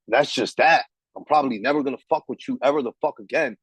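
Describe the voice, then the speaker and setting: A man's voice: medium pitch, fast talker, slightly rough, no room sound, low-quality recording. A man hosting a podcast, ranting in heated, profane, emphatic casual talk. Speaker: podcast host. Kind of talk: casual chat.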